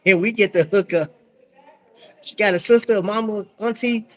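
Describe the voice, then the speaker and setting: A man's voice: high voice, moderate pace, long pauses, low-quality recording. Slangy American man chatting live. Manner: slangy, joking, calls viewers bro. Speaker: livestream host. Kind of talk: casual live chat. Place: busy restaurant.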